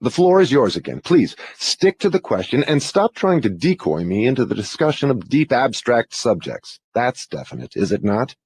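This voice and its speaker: A man's voice: mid-range voice, very animated, moderate pace, hardly any pauses, darkish tone, slightly rough. A man playing a formal, demanding interrogator who questions with insistence in an audiobook dramatization.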